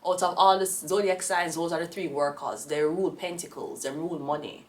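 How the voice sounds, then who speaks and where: A Jamaican woman reads tarot casually, speaking briskly in a fairly low, steady voice from a distant mic. She's rambling, blunt and profane, breaking into sudden loud rants.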